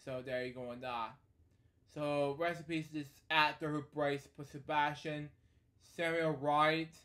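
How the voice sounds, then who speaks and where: A man's voice: on the high side, a bit bright. A man hosting a casual bedtime storybook read-aloud, rambling off into asides and filling gaps with "anyway" and "so there you go". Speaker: storybook reader and host.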